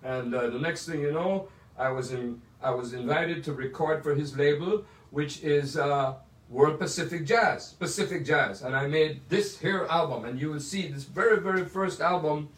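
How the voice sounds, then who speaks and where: A man's voice: on the high side, moderate pace, a bit bright. Older Jamaican man spinning a rambling story. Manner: rambling, anecdotal, digressive with asides. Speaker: jazz pianist telling stories. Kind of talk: casual storytelling. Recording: roomy sound from a distant mic.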